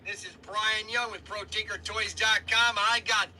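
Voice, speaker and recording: A man's voice: high-pitched, fairly even intonation, measured pace, sharp tone, far from the mic, slight background noise, full character voice. A man putting on a folksy cowboy movie-star drawl as an impression.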